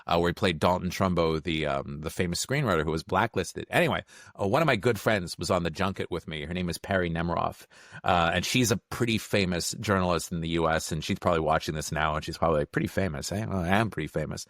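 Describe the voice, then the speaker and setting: A middle-aged man chatting casually as a podcast guest, telling stories quickly and acting out the lines of the people in them. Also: sits low, fairly bright tone, no room sound, studio quality. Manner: fast storyteller, acts out quotes. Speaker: podcast guest, film critic. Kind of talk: casual chat.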